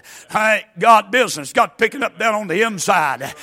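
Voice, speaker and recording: Man, fiery preacher, weak worn voice, bright tense tone, chanted shouts. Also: high voice, moderate pace. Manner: chanting, shouting climaxes with folksy asides. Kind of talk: fiery sermon.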